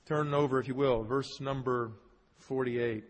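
A man's voice: mid-range voice, fairly even intonation, measured pace. A male pastor preaching an expository sermon, who quizzes his congregation and repeats key words for emphasis. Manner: asks the congregation questions, emphatic repetition. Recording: long hall reverb, husky.

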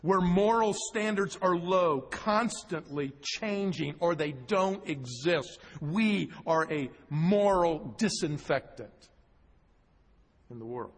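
A male pastor preaching a sermon, reading scripture slowly and with emphasis, with joking asides to the congregation. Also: fairly high pitch, animated, husky. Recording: long hall reverb.

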